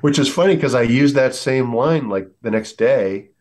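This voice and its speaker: A man's voice: mid-range voice, expressive, moderate pace, a little mellow. A middle-aged American man, a military veteran, telling war stories earnestly on a podcast, with many fillers and acted-out quotes. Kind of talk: storytelling in a podcast interview.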